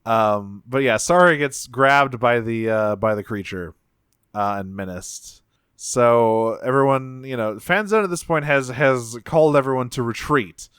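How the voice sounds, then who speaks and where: Smooth-voiced man chatting loosely. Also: medium pitch, measured pace, a bit bright, dry recording, studio quality. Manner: laid-back, swears freely, many fillers, acts out lines. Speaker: podcast co-host. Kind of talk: casual podcast chat recapping a cartoon.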